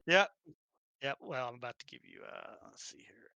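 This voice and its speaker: A man's voice: mid-range voice, wildly swooping pitch, moderate pace, gravelly, pushed and bright, clean tone, no echo. A man running a tabletop game, chatting casually and muttering to himself while fiddling with settings. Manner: muttering to himself, jokey and distracted. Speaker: game master.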